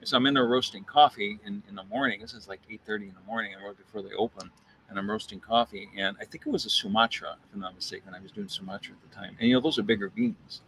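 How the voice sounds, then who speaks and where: Talking fast in a fairly low voice, a coffee roaster recounts a casual story at a coffee shop. He brings it to life by acting out quotes and repeats words as he thinks, over slight background noise.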